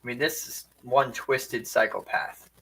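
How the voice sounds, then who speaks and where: A man's voice: medium pitch, steady tone, measured pace, gravelly, pushed and bright, slightly rough, rough recording. A man commenting casually on a video, asking rhetorical questions. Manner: conversational, asks rhetorical questions.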